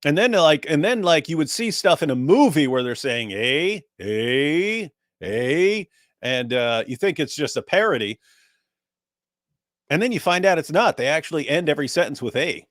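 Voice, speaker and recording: A man's voice: a little high, animated, a little fast, no room sound, studio quality. A man co-hosting a reaction show in casual, rambling chat, joking and telling stories. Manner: rambling, jokey, many fillers and restarts.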